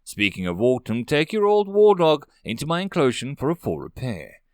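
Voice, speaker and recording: A man voicing a stern, commanding woman marshal who gives quick orders, with a lively swing in his pitch and a dry, close sound. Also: no echo.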